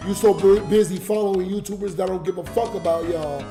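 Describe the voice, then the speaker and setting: A man's voice: high voice, fairly even intonation, a little fast, music in the background. Drunk, tearful man ranting on a livestream. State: crying. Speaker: livestreamer and YouTube comedian. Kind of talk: emotional livestream talk to chat.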